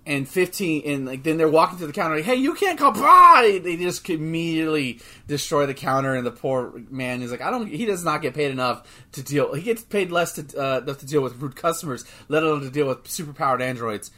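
Excitable, swearing man in casual chat. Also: on the high side, fast talker, few pauses. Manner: excitable, swears freely, lots of filler and restarts. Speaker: podcast co-host.

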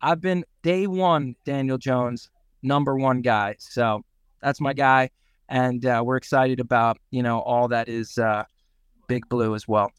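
A man's voice: medium pitch, fairly even intonation, measured pace, smooth, dry recording, clean studio sound. A man, a stage actor and singer, chatting loosely as an interview guest with lots of fillers. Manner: laid-back, loose, with many fillers. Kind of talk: casual interview chat.

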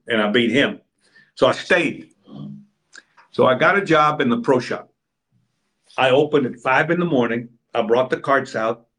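A man's voice: medium pitch, fairly bright tone. An older man from Texas, an interview guest telling long stories and acting out other people's lines. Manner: rambling raconteur, acts out other people's lines. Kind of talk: anecdotal storytelling.

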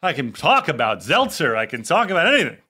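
A man's voice: a little high, sing-song, fast, bright, forceful tone, husky. A man co-hosting a podcast, chatting casually, joking and swearing freely. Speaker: podcast co-host. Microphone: podcast mic.

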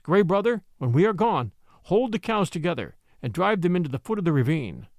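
A man voicing a young boy raised by wolves, urgent and quick to give orders in an audiobook story. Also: sits high, sing-song, darkish tone, dry recording.

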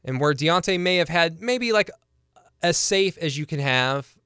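A man's voice: fairly high pitch, lively intonation, measured pace, bright, forceful tone, smooth, no echo, studio quality. A young man co-hosting a sports podcast, chatty and analytical in casual talk, laughing easily.

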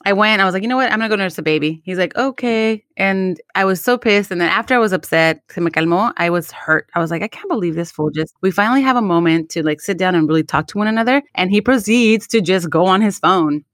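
A woman's voice: mid-range voice, quick pace, few pauses, fairly bright tone, no echo, clean studio sound. A young adult woman co-hosting a podcast, telling a candid personal story with Spanish phrases and some swearing. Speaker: podcast co-host. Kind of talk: casual chat.

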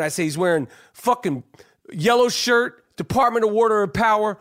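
A man hosting a podcast, telling a story in a lively, profane, casual chat. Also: high-pitched, brisk. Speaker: podcast host.

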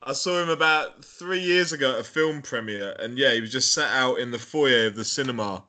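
A man's voice: medium pitch, brisk, pushed and bright. A man from England interviewing a guest in a friendly, easygoing way. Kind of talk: casual interview chat.

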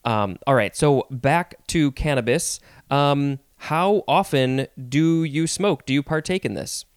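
Smooth-voiced male podcast host. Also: fairly high pitch, slow, no room sound, clean studio sound. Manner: relaxed, hesitant, many ums and restarts. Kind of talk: casual interview chat.

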